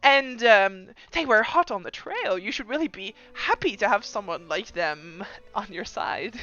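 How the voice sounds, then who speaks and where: A game master voices a polished male noble lord who talks quietly and carefully. The delivery is gentle and unhurried. The sound is close and dry, with faint music in the background. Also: medium pitch, sing-song, dry recording, highs cut off. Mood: genteel.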